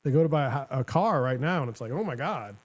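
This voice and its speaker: A middle-aged talk show host with a mid-range voice talks fast in casual commentary. He's rambling and sarcastic, often cutting himself off mid-sentence.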